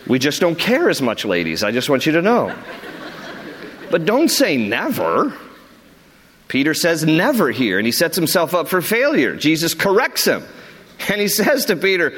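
A male pastor teaching a Bible study in a conversational sermon style, lively and joking, repeating words when he stumbles. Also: on the high side, moderate pace, husky, big-room sound.

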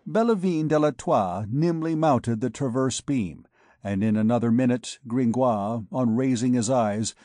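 A man narrating a classic novel in a steady, measured reading voice. The sound is close and dry, with a mid-pitched tone typical for a man. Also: dry recording. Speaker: audiobook narrator. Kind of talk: scripted narration.

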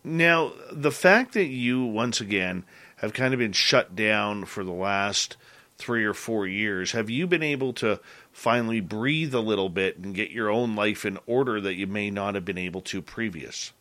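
A man with a lowish voice and a forceful, bright edge to it. He hosts a relaxed interview chat, telling personal stories in an earnest, halting way with frequent restarts. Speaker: podcast host.

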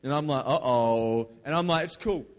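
High-voiced young pastor in a hall. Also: male voice, quick pace. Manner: casual storytelling, energetic crowd prompts. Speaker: youth pastor. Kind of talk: lively youth sermon. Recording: long hall reverb.

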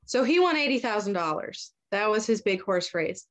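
A young woman telling a story in easygoing, profane chat. She drops into quick little voices for each character, then goes straight back to her ordinary middle-pitched voice. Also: expressive, a bit bright. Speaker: podcast host retelling a story. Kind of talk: casual chat.

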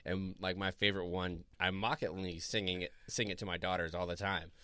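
A man from Florida with a lowish, bright and forceful voice, spinning stories in a relaxed, chatty way and laughing often. The sound is dry and close, with no room around it. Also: fairly quick, dry recording. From Florida, USA. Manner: laid-back storyteller, laughs often. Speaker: podcast co-host. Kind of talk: casual chat and storytelling.

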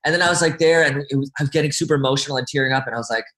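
A young man chats as a guest and tells a story with lots of energy and frequent laughs. His voice is bright and forward. The room adds a clear echo. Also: medium pitch, rapid-fire, hardly any pauses. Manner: animated storyteller, laughs often. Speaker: actor guest. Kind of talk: casual interview chat.

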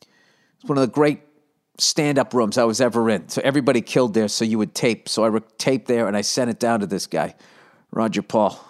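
A man in his fifties hosting a solo comedy podcast, rambling through profane, animated stories full of asides. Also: on the low side, fairly quick. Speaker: podcast host.

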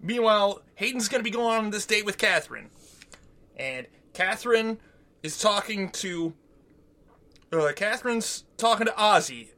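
A podcast co-host rambles through a show recap, cursing casually and acting out quotes in silly voices. His voice sits high with a sharp tone.

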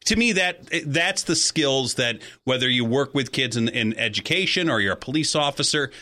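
A man with a mid-pitched, bright and forceful tone co-hosts a casual chat. He tells stories reflectively, stretching out his words as he thinks. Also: lively intonation. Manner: reflective, drawn-out storytelling. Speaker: co-host.

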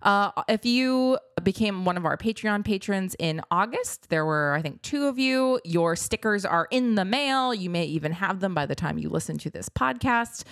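A woman's voice: mid-range voice, animated, moderate pace, few pauses, no echo, studio quality. A woman co-hosting a podcast in casual chat, talking with many fillers and light laughs. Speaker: podcast co-host.

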